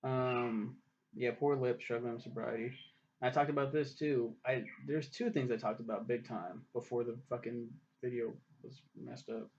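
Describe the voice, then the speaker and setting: A man's voice: medium pitch, fairly even intonation, normal speed, a little mellow, a little hiss or hum. Profane rambling male TV reviewer. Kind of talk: casual spoken review. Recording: dull lo-fi recording.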